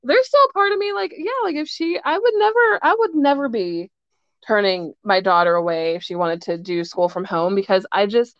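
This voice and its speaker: A woman in her thirties, a mother and podcast co-host, talking casually and chattily with many fillers and quick asides. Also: medium pitch, expressive, no room sound. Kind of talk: casual chat. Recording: dry, dull lo-fi sound.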